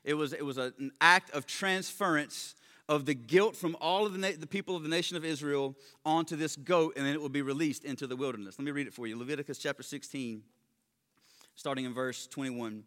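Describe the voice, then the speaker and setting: Man preaching, fairly high voice, bright tone, loud emphasis then quiet asides, long hall reverb. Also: a little fast. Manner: swings between loud emphatic stresses and quiet low asides, with joking remarks. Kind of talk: sermon.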